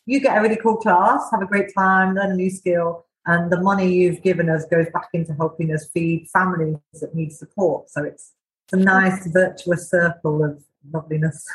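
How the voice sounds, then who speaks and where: A woman's voice: lowish voice, steady tone, moderate pace, rough recording. A woman guest in a casual podcast interview, talking enthusiastically about her cookery school. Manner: enthusiastic, chatty.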